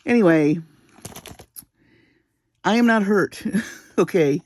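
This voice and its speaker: The host of a jewelry-making channel records a vlog from her home bead room at 3 a.m., laughing often through a chatty, self-deprecating story. She has a deep, slightly mellow voice and speaks a little slowly, with long pauses.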